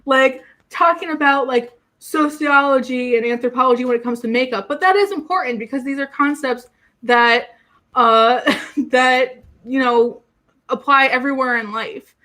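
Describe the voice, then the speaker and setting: A fairly high-voiced young woman talks casually to her livestream audience. She rambles and restarts her sentences with plenty of fillers, sounding excitable throughout. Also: normal speed. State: getting emotional. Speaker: YouTuber on a livestream.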